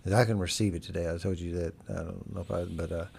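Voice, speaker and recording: Low gravelly man, earnest podcast host. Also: steady tone, fast talker, darkish tone, a little hiss or hum. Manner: rambling and earnest, with frequent fillers. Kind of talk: casual recovery talk. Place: studio.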